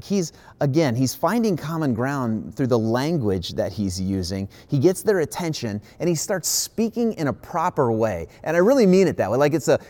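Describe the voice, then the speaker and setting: A man from the American Midwest preaches in a relaxed, conversational way, leaning hard on key phrases. He keeps circling back with quick asides as he teaches from scripture. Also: mid-range voice. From Midwestern United States. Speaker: pastor. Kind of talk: sermon.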